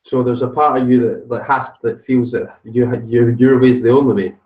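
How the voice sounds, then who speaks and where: A man's voice: mid-range voice, steady tone, fairly quick. A man coaching on a call, blunt and swearing as he presses with questions. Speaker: life coach. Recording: tinny phone line, distant and echoey.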